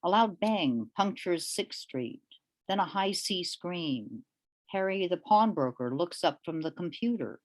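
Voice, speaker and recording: Slow, low-voiced woman reading poetry. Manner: deliberate, measured delivery with pauses between lines; hesitant, with fillers, when speaking off the page. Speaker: featured poet.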